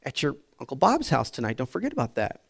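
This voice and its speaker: A man's voice: mid-range voice, huge pitch swings, fast, creaky, fairly bright tone, slightly rough, voice pushed down, full character voice. A breezy, chatty mother on the phone, as a male preacher puts her on while telling a story. She sounds casual and offhand, mid-errand, talking to someone she thinks is her husband. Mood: matter-of-fact.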